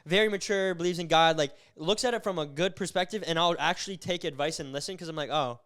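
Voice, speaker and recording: A young man chats on his podcast in a rambling, animated way, filling his stories with fillers. His voice sits a little high and sounds smooth and crisp. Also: fast. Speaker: podcast co-host. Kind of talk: casual chat.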